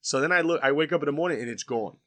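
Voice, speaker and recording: Casting: bright-voiced male podcast co-host, animated, laughs a lot. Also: on the high side, rapid-fire. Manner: animated storyteller, laughs often. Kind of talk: casual chat.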